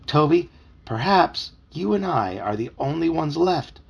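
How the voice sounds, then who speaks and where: A man's voice: fairly high pitch, expressive, unhurried, gravelly, husky, muffled recording, voice pushed up, exaggerated voice. Man voicing a solemn, clever dachshund puppy. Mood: grave.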